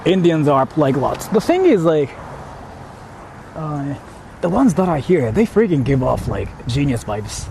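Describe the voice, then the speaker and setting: A man's voice: on the high side, very animated, unhurried, creaky, dark tone, slight background noise. A man streaming live while walking outdoors, chatting casually and rambling between laughs as he reads out viewer donations.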